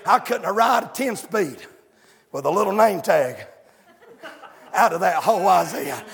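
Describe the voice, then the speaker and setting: A male preacher, shouting and chanting a fiery revival sermon in a church, with calls to the congregation. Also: high voice, expressive, measured pace, vocal fry, pauses often. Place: church sanctuary. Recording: echoey sanctuary with long reverb.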